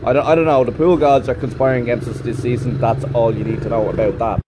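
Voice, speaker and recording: A man's voice: mid-range voice, fairly even intonation, fast talker, background noise. A man who teaches English, talking in a chatty, rambling vlog monologue and swearing freely.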